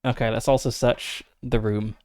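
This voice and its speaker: A man's voice: medium pitch, level tone, normal speed, a little mellow, no room sound. Man, solo tabletop game streamer, resonant voice, dry close-miked sound, talks through each roll. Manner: methodical, thinks aloud with frequent fillers. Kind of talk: casual narration of dice rolls and rules.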